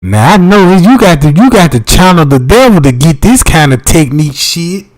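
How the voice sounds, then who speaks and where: A man, talking loosely into his livestream in a somewhat high voice. He rambles, swears freely and keeps checking that his listeners follow him. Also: sing-song, moderate pace. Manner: loose, profane, keeps asking "you know what I'm talking about". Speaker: livestream host. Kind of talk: casual livestream commentary.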